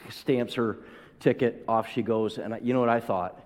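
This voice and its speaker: A man's voice: medium pitch, fairly even intonation, moderate pace, a little mellow, a little hiss or hum. A man preaching a sermon to a congregation, telling a personal story and acting out the voices in it, building to emphatic peaks. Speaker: pastor. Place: church hall. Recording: long hall reverb.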